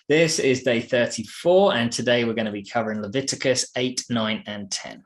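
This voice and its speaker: A British man co-hosting a Bible podcast, talking in a relaxed, matey way. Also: medium pitch, moderate pace, few pauses, faint music behind. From Britain. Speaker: podcast co-host. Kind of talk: casual Bible chat.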